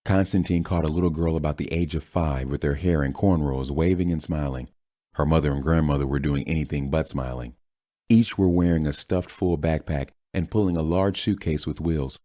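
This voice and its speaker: Male audiobook narrator, steady storyteller, very low and dry. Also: brisk, dry recording. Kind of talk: scripted narration.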